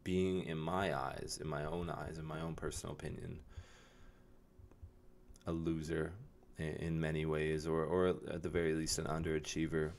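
A man's voice: a bass voice, flat delivery, moderate pace, gravelly, a little mellow. A young man talking casually and reflectively to his camera, rambling with many fillers and restarts. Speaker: vlogger. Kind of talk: casual self-reflective vlog.

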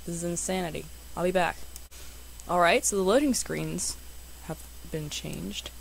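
Young woman, lowish voice, gravelly, gaming commentary, chatty, faint background hiss. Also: unhurried, poor audio. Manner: chatty, excitable, talks to viewers. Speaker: gaming YouTuber. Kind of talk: casual game commentary.

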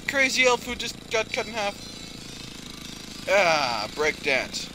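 A young man giving casual let's-play commentary, excitable and swearing, often yelling at the game. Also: high voice, slow, pauses often, heavy background noise. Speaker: gaming channel host. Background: game music and sound effects.

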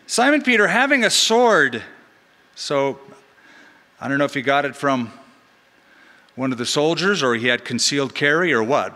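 A middle-aged man, a pastor, preaching a sermon in an animated way with joking asides, in a large church. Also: a little high. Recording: long hall reverb in church.

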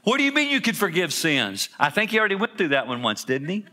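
Bright-voiced man preaching a sermon. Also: sits high, huge pitch swings, fast, hardly any pauses. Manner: emphatic preaching with rhetorical questions and repeated phrases. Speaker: pastor. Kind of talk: Easter sermon. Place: church service.

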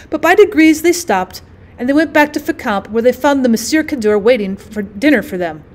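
A woman teacher narrating a classic short story aloud in a clear, measured way. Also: a little high. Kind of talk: audiobook reading of a classic story.

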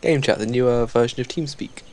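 A man's voice: medium pitch, a little fast, darkish tone. A man chatting with friends over voice chat during a strategy game, self-deprecating and tripping over repeated words. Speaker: gamer playing in a group.

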